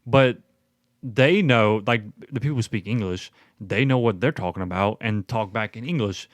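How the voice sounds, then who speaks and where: A man's voice: lowish voice, normal speed, no echo. A man co-hosting a podcast, chatting casually about a film with wry, sarcastic quips. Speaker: podcast co-host. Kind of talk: casual movie recap chat.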